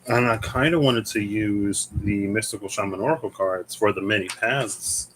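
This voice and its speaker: Doing a casual tarot reading, a young man from the American Midwest thinks out loud, meandering and hesitating as he hunts for words. His pitch is fairly low, his pace moderate, and there's background noise.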